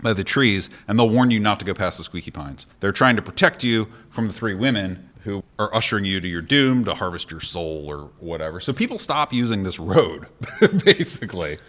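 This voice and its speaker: A man's voice: on the low side, a little fast. A man co-hosting a podcast live at a convention, telling a folk legend with jokes, laughs and acted-out voices. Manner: lively, jokey, laughs often, acts out voices. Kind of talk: animated live podcast storytelling. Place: convention panel before a live audience.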